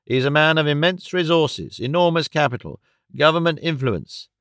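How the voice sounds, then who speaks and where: A man's voice: a little high, animated, a bit bright, clear, resonant tone, no room sound, clean studio sound. A man voicing a blunt, snorting male rent collector who speaks in short, emphatic bursts. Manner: terse, brisk and emphatic.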